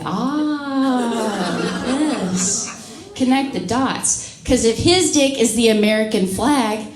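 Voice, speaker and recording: Here the same kind of set plays out: a tipsy small-town Mississippi comic delivers raunchy, self-deprecating material at a comedy club, cracking herself up as the live crowd roars in an echoey space. She speaks slowly and expressively in a slightly high voice over a noisy background.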